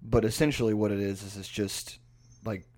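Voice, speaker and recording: A man's voice: on the low side, fairly even intonation, moderate pace, darkish tone. A man co-hosting a podcast over a remote video call, talking loosely and laughing often in casual chat. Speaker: podcast co-host.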